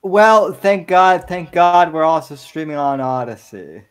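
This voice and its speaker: A man in casual podcast chat, halting and restarting his sentences. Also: a little high, lively intonation, smooth. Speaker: streamer, podcast guest.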